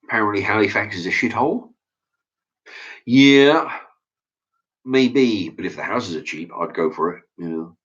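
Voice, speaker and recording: A man's voice: fairly low pitch, animated, measured pace, pauses often, fairly bright tone, husky. A man hosts a casual opinion chat and reads viewer comments, talking bluntly and profanely in a ranting way. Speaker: channel host reading viewer comments. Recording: dull lo-fi sound.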